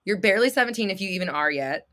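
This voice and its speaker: A young woman hosting a casual livestream, reading viewer comments and coaching them in a blunt, excitable way, swearing freely and laughing often. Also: mid-range voice, racing. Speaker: manifestation coach and livestream host.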